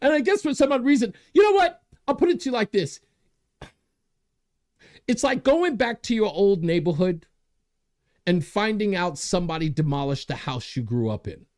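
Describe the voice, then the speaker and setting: A man's voice: sits high, big pitch swings, moderate pace, pauses often, a little mellow. A man hosting a talk show, delivering a monologue, getting worked up, laughing at himself and reading out viewer comments. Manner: reads viewer comments aloud. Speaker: host.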